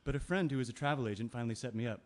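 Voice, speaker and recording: A man's voice: mid-range voice, rapid-fire, close to an everyday voice. An actor playing a depressed, grieving man reading his musing letter from a trip, in an audio drama. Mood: wistful.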